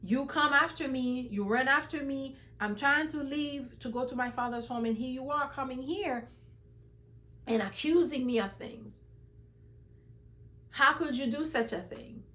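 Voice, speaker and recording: A woman voicing an indignant man who scolds his father-in-law in a slow, accusing way. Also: sits high, bright, forceful tone.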